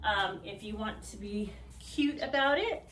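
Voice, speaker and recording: A woman's voice: mid-range voice, animated, a little slow, a bit bright, slight background noise. A woman teaching a belly dance routine, counting beats aloud and humming the rhythms with syllables. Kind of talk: dance tutorial instruction. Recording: echoey room, voice picked up from a distance.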